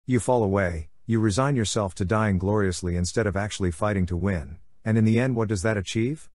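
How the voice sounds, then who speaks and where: A man's voice: on the low side, a little fast, darkish tone, no echo, studio quality, close to an everyday voice. A man voicing an earnest, hopeful young female scholar who talks in a pleading way.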